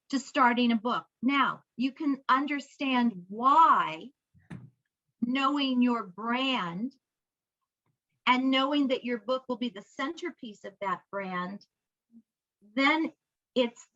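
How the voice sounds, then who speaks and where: A woman's voice: sits high, sharp tone, muffled recording. A woman book coach telling stories and teaching, acting out bits of dialogue over a video call. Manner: storytelling, acts out dialogue. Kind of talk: conversational teaching.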